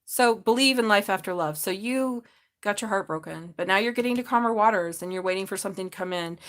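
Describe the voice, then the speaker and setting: A woman's voice: medium pitch, quick pace. A woman giving a live tarot reading, chatty and laughing often, swearing freely and calling viewers babe. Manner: talks straight to viewers, calls them babe. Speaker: tarot reader.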